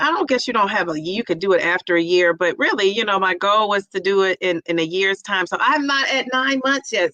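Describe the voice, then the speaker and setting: Woman vlogger, middle-aged, bright clear tone, dry close sound, chatty and animated. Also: medium pitch, dry recording. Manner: chatty, animated storytelling with laughs. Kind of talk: casual livestream chat.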